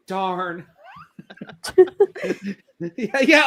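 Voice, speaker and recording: A man's voice: high-pitched, expressive, unhurried, pauses often, a little hiss or hum. A young man chatting casually as co-host, joking and laughing often. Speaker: co-host reacting to a review. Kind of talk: casual chat.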